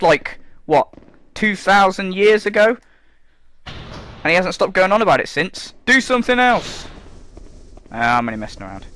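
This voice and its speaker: A man giving casual, sarcastic gameplay commentary, swearing freely and mocking the game. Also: a bit bright. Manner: sarcastic, sweary, mocking, breaks into squeaky mock voices. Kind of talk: casual let's play commentary.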